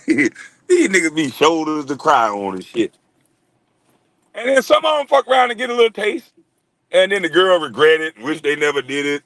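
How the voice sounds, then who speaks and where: A man's voice: on the high side, sing-song, moderate pace, a bit bright, no room sound. A man on a live stream, ranting casually with lots of cursing, laughing and mocking impressions of other people. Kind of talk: profane ranting monologue.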